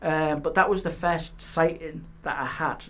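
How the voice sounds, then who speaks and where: A man's voice: fairly high pitch, a little slow, slight background noise. Man telling ghost stories. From England. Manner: animated ghost-story telling, hushed on eerie details. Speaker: guest, paranormal historian. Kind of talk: casual storytelling. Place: podcast studio.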